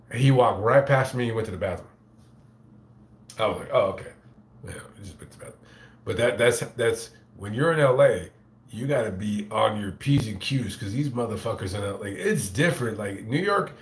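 A man's voice: mid-range voice, fairly bright tone, echoey room. A man telling a story to camera as a YouTuber, swearing freely, rambling and stumbling over his words with repeated restarts. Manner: profane, rambling, stammering restarts. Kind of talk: casual storytelling to camera, reading chat.

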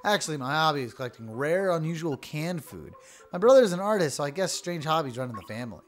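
A showy crocodile shopkeeper from a video game, rattling off his pitch in a quick, breezy patter, as a gamer puts him on. The voice leaps up and down in pitch as he brags about his odd hobby. Faint music plays underneath. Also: very animated, close to an everyday voice. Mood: boastful.

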